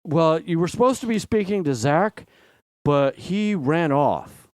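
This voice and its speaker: Picture a man voicing an awkward young caller who hesitates and fills gaps with 'uh'. His tone is smooth and clear, slightly lowered, and dry. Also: expressive, measured pace, no echo. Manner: hesitant, filler-heavy. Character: awkward tipsy teenage boy caller.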